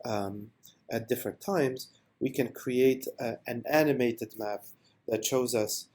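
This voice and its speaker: Guy talking thru a software demo, lots of ums and uhs, sounds keen, mid pitch. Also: measured pace. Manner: unscripted, many fillers, enthusiastic. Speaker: product presenter.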